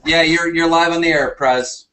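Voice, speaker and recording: A man's voice: on the high side, fairly even intonation, moderate pace, bright, forceful tone. A man hosting a live call-in show, speaking hesitantly with many fillers. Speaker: show host and moderator.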